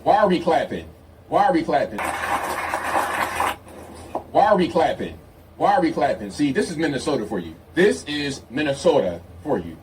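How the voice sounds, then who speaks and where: A man's voice: on the high side, sing-song, normal speed, long pauses. A man doing mocking, incredulous commentary on video clips. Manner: mocking, incredulous, laughing asides. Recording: distant mic with faint noise.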